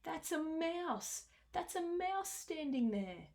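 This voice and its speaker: A woman's voice: extremely high pitch, big pitch swings, slow, a little mellow, pitched above the performer's own voice, exaggerated voice. A woman voicing a big, fretful male elephant in a storybook, squealing in panic and giggling. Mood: panicked.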